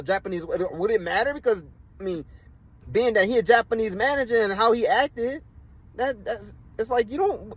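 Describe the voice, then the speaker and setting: A man's voice: high-pitched, breathy edge, low-quality recording. A man in pain, ranting indignantly to camera in a vlog, swearing often and restarting his sentences. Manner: profane, indignant, repeats and restarts himself. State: in pain from a fall. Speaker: vlogger. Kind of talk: angry personal rant to camera.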